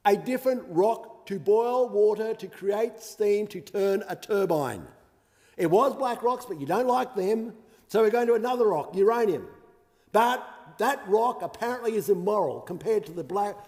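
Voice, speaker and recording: Man, Australian accent, high-pitched, sarcastic and combative, parliamentary debate, long chamber reverb. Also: moderate pace, a little mellow. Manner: combative and sarcastic, mocking opponents. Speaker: member of parliament.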